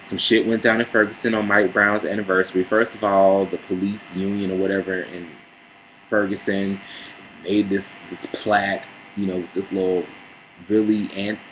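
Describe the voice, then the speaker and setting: A man ranting sassily in a casual vlog, calling listeners girl and honey, heated and swinging between mutters and loud outbursts. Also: deep voice, lo-fi sound, a little hiss or hum. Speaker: vlogger. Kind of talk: casual opinion rant.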